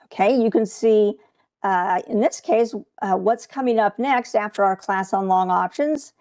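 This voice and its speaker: A woman's voice: mid-range voice, unhurried, darkish tone. A woman coaching viewers through a live trading webcast in a chatty way, often checking in with "okay?".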